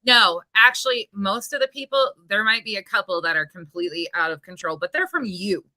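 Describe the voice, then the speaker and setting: A woman's voice: medium pitch, expressive, a little fast, sharp tone. A woman streamer reacting to a clip with angry, profane commentary, talking back at the person in it.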